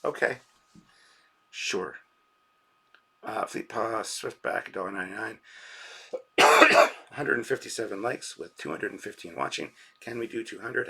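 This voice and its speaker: A man's voice: lowish voice, gravelly, bright, forceful tone, slightly rough. A man hosting a live reaction stream, rambling casually and reading out viewers' chat messages and donations.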